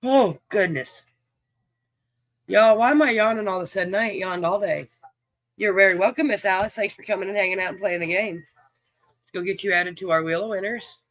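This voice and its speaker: A man's voice: high-pitched, quick pace, a bit bright, no room sound. A man hosting a livestream game, chatting in a folksy way and greeting viewers by name. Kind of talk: casual livestream chat, reading viewers' names.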